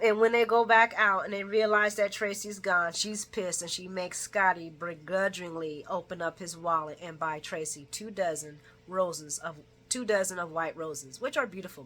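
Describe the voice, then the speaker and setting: Bright-voiced chatty woman recapping. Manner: chatty, laughs often, acts out characters' lines in a higher voice. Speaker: soap opera recap vlogger. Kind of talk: casual chat recap.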